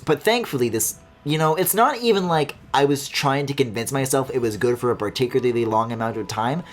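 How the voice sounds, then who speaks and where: Sarcastic streamer guy rambling and swearing over a game, bouncy pitch, bit of game music under it. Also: lively intonation, brisk. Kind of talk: casual let's-play commentary. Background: faint game music.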